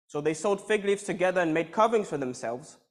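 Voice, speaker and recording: A man gives a sermon with a somewhat raised pitch. He reads a scripture passage and then explains it in his own words. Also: animated, fast talker. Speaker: preacher.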